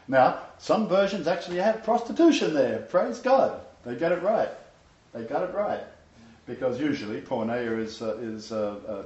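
Chatty pastor in a roomy room. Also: male voice, mid-range voice, darkish tone. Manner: chatty and emphatic, laughs often, many fillers. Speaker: pastor leading a Bible study. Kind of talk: casual teaching sermon. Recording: roomy, slightly dull lo-fi recording.

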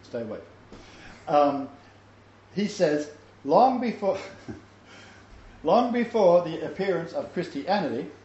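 Teaching a Messianic Bible study, the older man speaks in a fairly high, darkish voice, meandering through a chatty, storytelling lesson loaded with fillers. Slight background noise sits under an echoey, slightly dull room recording with faint ambience.

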